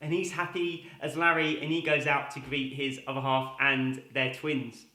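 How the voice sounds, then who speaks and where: A man hosting a comedy show, telling jokes in a chatty, lively way. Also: medium pitch, normal speed. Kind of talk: joke telling to camera. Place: home room. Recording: roomy echo.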